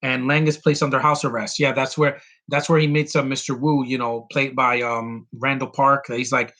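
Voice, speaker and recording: A man hosting a casual solo film podcast, rambling excitedly with many restarts and quick bits of mimicry. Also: mid-range voice. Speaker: podcast host reviewing a film.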